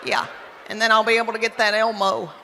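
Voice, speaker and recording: A woman's voice: on the high side, flat delivery. A woman in her fifties with a Southern US accent, telling chatty, folksy stories in a stand-up comedy set. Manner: chatty, folksy storytelling with drawn-out asides. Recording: long hall reverb, clear crowd noise.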